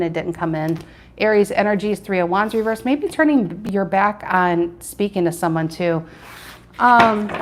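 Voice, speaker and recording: A woman's voice: mid-range voice, a little hiss or hum. A woman doing a live tarot reading, chatting with viewers and repeating her questions as she turns the cards. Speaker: tarot reader.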